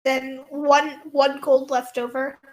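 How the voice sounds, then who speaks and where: A woman player in a tabletop game, talking casually and quickly as her character. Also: high voice, level tone, rough recording.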